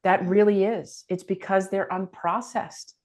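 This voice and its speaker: A woman's voice: medium pitch, fairly even intonation, a little slow, darkish tone. A middle-aged woman speaking as a guest on a podcast interview, earnest and reflective.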